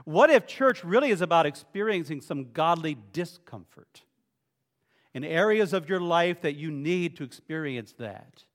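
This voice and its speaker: High-voiced male pastor, playful. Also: lively intonation, normal speed, in a large hall. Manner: playful, joking with the congregation. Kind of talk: sermon. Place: church sanctuary.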